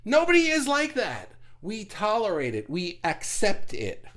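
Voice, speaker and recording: A middle-aged man from New York chats on a livestream, talking fast and rambling as he reads comments. His voice sits a little high, and it leaps up and down in pitch. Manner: fast, animated and rambling, with big pitch jumps. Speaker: group host reading comments. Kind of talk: casual livestream chat.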